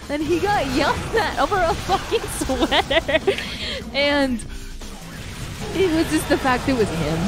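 Animated young woman telling a story. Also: a little high. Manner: animated storyteller, swears casually. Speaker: co-host. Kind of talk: casual chat while watching a show.

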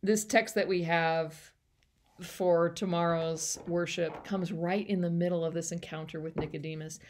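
A woman with a somewhat low voice gives a short devotional talk and closes with a prayer. She speaks in a conversational, reflective way and sometimes laughs lightly. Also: fairly even intonation, a little slow. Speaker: pastor.

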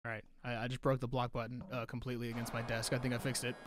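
A man streaming a fighting game live, swearing and shouting in frustration as he plays. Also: medium pitch, monotone, racing, over loud music. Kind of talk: live gameplay commentary.

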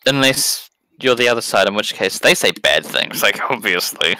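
A man with a British accent joining a casual gaming chat as a guest, joking in a dry, deadpan way. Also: lowish voice, moderate pace, rough recording. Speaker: guest co-player. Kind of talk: casual chat while playing a game.

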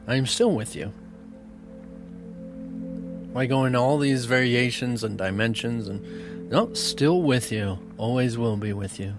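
A man giving an earnest, emotional spiritual talk, often laughing softly between thoughts. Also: mid-range voice. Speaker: spiritual teacher. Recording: music bed under voice.

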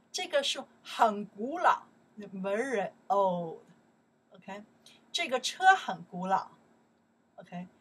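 A woman's voice: medium pitch, slightly rough, distant mic. A woman with a Chinese accent, a native Chinese speaker, teaching a language lesson and asking herself questions as she explains. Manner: slow, repeats words and asks herself questions.

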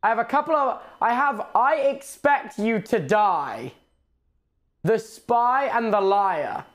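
A man casually chatting while streaming VR games, excitable and rambling, swearing a lot, on a headset mic. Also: high-pitched, slow pace. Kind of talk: casual gaming stream chat.

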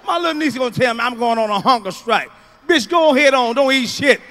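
A man doing a loud, profane stand-up comedy routine, telling stories with sudden shouts. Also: very high-pitched, animated, brisk.

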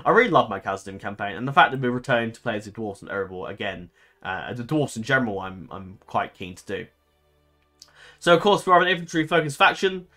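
A man of middle pitch gives loose, conversational commentary while he plays a strategy game. He rambles and stumbles, often correcting himself with an um or uh. Quiet music plays faintly behind his voice. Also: expressive, fast. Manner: rambling, full of ums and self-corrections. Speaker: gaming channel host.

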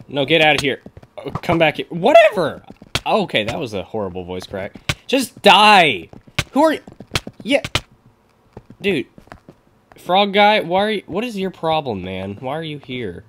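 A young man commentating his own gameplay, excitable, laughing often and talking at his opponents. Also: lowish voice, background noise. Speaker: gaming commentator.

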